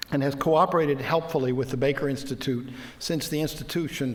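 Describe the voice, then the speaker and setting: A man moderating an event, introducing the next speaker in a measured way with small hesitations. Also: mid-range voice, darkish tone. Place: lecture hall. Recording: long reverb of a hall.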